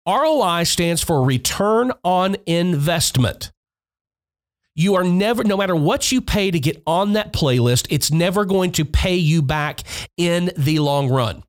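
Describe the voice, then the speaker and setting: On a podcast mic, a man with a high, expressive, slightly slow voice hosts a music industry podcast. His instructional monologue gives blunt, emphatic advice, repeating points and swearing as he goes.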